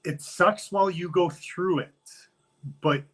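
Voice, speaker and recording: A man's voice: high voice, a little slow, fairly bright tone, slightly rough. A man as a guest on a casual interview podcast, talking in an easygoing, upbeat way.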